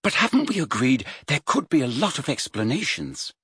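A brainy teenage girl, as a man puts her on, clipped and reproving. her voice is lifted a little in pitch, but husky and dry. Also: huge pitch swings, moderate pace, sharp tone, no room sound, full character voice. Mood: impatient. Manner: impatient, reproving. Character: clever, impatient teenage girl.

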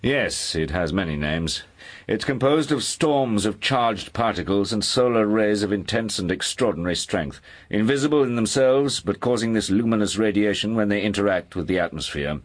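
An actor playing a calm, authoritative aristocratic explorer lecturing scholars in an audiobook. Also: male voice, fairly low pitch, moderate pace. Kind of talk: audiobook dialogue.

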